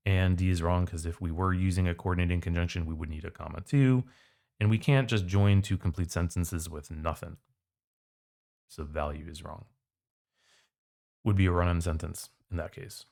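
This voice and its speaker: Man, SAT tutor, deep voice, relaxed chatty walkthrough of answers. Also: normal speed, gravelly. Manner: casual, conversational explaining. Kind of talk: test prep walkthrough.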